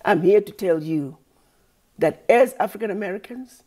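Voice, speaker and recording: Impassioned woman with a mellow voice. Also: mid-range voice, lively intonation, normal speed. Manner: impassioned, rhetorical, repetitive appeals. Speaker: speaker addressing her community. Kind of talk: impassioned direct-to-camera address.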